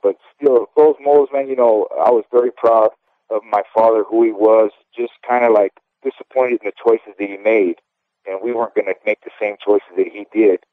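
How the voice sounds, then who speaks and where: This fairly low-pitched man speaks at a normal speed with fairly even intonation over a tinny, dry phone line. A former boxer in his fifties, he talks candidly and at length in a casual interview, frequently adding "okay?" to check in with the listener.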